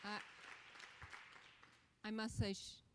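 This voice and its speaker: A woman in her sixties, a conference founder giving a calm, modest welcome speech. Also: medium pitch, slow, a faint crowd, slight background noise. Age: 60s. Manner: modest, calm, soft-spoken. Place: conference hall. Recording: long hall reverb.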